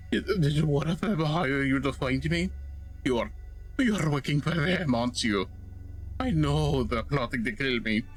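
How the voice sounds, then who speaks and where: A man's voice: on the high side, a bit bright, husky, voice pushed up, exaggerated voice. A man voicing a frightened, paranoid man hiding in a closet, with a shaky, stammering, apologetic delivery while reading game dialogue aloud.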